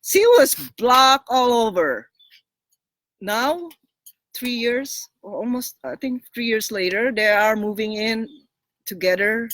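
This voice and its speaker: Speaking slowly in a somewhat high voice, a woman relationship coach offers blunt, frank advice in an informal monologue. She is animated, laughs between points, and keeps repeating and restarting her words.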